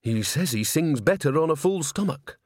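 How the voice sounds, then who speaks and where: A man's voice: on the high side, lively intonation, normal speed, darkish tone, dry recording, clean studio sound, pitched above the performer's own voice, close to an everyday voice. A man reading an audiobook, voicing a nervous, fretting male opera house owner. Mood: fretful.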